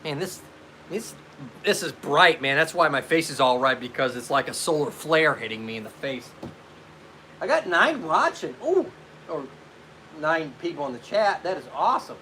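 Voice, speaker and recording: Bright-voiced chatty male live streamer. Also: a little high, sing-song, moderate pace, a little hiss or hum. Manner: chatty, greets viewers by name and answers their questions. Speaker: physical therapist host. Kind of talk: casual live stream chat.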